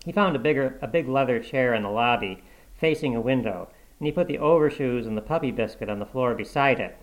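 A man narrates a short story in a steady, measured reading voice. His pitch sits in an ordinary middle range. The pacing stays even throughout. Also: poor audio.

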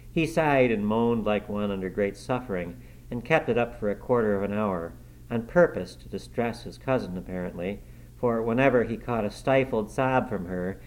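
A man reading a classic novel aloud as audiobook narration, measured storytelling. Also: fairly low pitch, darkish tone, low-quality recording. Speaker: audiobook reader. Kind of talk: scripted narration.

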